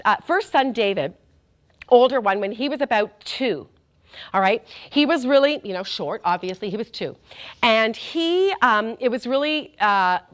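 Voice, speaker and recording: A woman's voice: medium pitch, fairly bright tone. Earnest woman preaching. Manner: earnest, addresses the audience directly as "you guys"; repeats key phrases for emphasis. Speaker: speaker giving a faith talk. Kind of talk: sermon-style teaching with stories.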